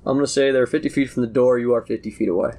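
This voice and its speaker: A man narrating as game master in a casual tabletop session, talking quickly with restarts. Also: medium pitch, fairly even intonation, warm tone. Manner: quick, restarting, laughs often.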